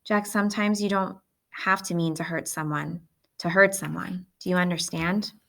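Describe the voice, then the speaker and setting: A woman's voice: on the low side, fairly even intonation, moderate pace, gravelly, fairly bright tone. A woman reading aloud, voicing a stern, devout babysitter who scolds the boys. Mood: scolding.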